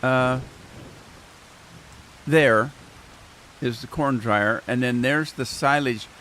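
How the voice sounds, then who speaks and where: A man's voice: mid-range voice, takes it slowly, fairly bright tone, a little hiss or hum. A man with an ordinary mid-range voice chats his way through a game, muttering to himself and answering viewers. His talk is loose and rambling. A faint patter of game rain sits behind him. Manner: rambling, chatty, talks to himself and chat. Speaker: gaming channel host. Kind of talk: casual gameplay commentary. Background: rain sounds from the game.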